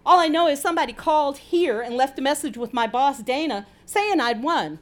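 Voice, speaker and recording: A woman's voice: sits high, brisk, voice pushed up. A woman voicing an eager young hospital worker who pleads and wheedles. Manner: excited, wheedling.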